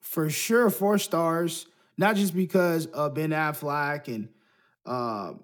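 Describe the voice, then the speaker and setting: A man's voice: fairly high pitch, slow pace. A man chatting casually about a movie as podcast co-host, with rambling, slangy talk. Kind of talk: casual movie review chat.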